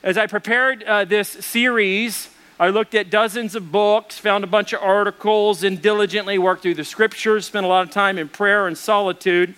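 A man's voice: high voice, fairly even intonation, moderate pace, few pauses, sharp tone, smooth. A man preaching a sermon as pastor, telling jokes and stories. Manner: storytelling with jokes.

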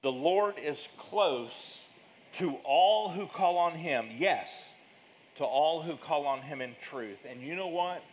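A male pastor preaching a sermon with emphatic delivery, big swings in pitch and loudness, and drawn-out words. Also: animated, low-quality recording.

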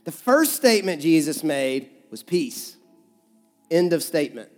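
A male pastor with a Kentucky accent preaching a conversational sermon, swinging between emphatic loud stretches and hushed ones. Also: fairly high pitch, very animated, normal speed. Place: church sanctuary. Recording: church hall reverb with soft music.

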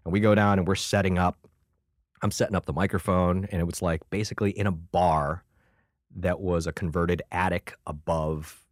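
Male comic guest, animated raconteur, slightly low pitch, tight dry studio mic. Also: moderate pace, dry recording. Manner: swears freely, acts out other people's lines. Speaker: guest comedian and combat veteran. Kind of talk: animated storytelling in a conversation. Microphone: studio microphone.

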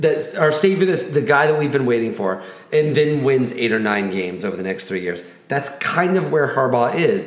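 A man co-hosting a casual sports talk show, talking in an animated way, full of "like" and quick restarts. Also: mid-range voice. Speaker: podcast co-host. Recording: roomy echo.

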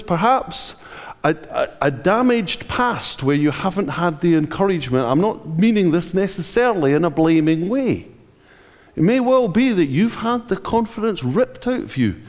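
A man's voice: high voice, darkish tone. A man preaching a sermon in an emphatic, conversational way, asking the congregation rhetorical questions. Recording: reverberant hall.

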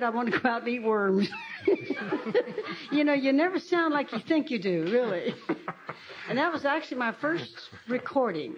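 A woman's voice: fairly high pitch, slight background noise. Older woman spinning folksy stage stories. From Arkansas. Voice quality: homespun, laughs as she talks. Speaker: country singer and performer. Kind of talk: folksy onstage storytelling between songs. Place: live stage at an outdoor folk park venue. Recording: dull lo-fi live recording with loud guitar music.

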